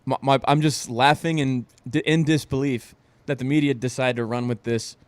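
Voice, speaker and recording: A man's voice: mid-range voice, fairly even intonation, normal speed, clear, resonant tone, no room sound. Profane, ranting podcast co-host man. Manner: ranting, profane, laughs often. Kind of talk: casual chat.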